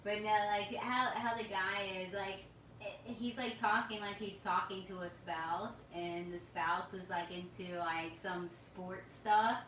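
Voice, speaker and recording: A woman's voice: mid-range voice, fairly even intonation, slow, fairly bright tone, slight background noise. A woman hosting a casual livestream dinner chat, rambling and giggly, with lots of fillers. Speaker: livestream host. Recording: roomy, echoey sound from a distant mic.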